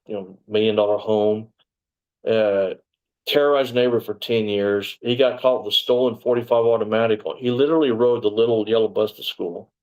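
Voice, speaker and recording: His pitch is fairly low and a little mellow, on a rough recording. The man, a Texan who used to be a police officer, rambles through his story in a relaxed interview, full of "you know" and digressions.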